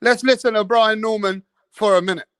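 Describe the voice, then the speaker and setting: A man hosting a live boxing stream, talking in a streetwise, slang-heavy way and keeping up a steady chat straight to the viewers. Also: high-pitched, brisk, clean tone, no echo. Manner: streetwise, slang-heavy, keeps saying bro and bruv. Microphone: streaming setup mic.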